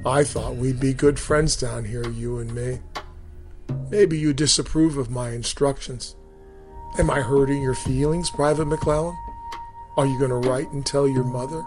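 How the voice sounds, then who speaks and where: A man voicing a menacing Marine drill sergeant who hisses low taunts and bellows threats, over music. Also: fairly even intonation, normal speed, close to an everyday voice. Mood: menacing whisper.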